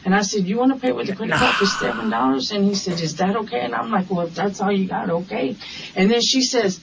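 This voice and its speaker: A woman taxi driver recounting events in an interview, acting out the quoted dialogue in an animated way. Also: medium pitch, fast, gravelly. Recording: distant dull recording with hiss.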